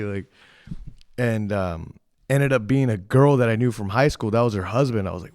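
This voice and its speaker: A young man hosting a podcast, telling a story in a rambling, profane, animated way and quoting the people in it. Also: medium pitch, brisk, no echo, studio quality. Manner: rambling, profane, animated retelling with quoted voices. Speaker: podcast host. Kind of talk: casual storytelling.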